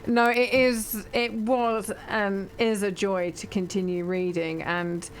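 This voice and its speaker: A woman's voice: medium pitch, fairly even intonation, slow pace, a little hiss or hum. A woman hosting a radio book show, chatting and plugging books with enthusiasm. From Britain. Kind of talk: casual radio interview chat.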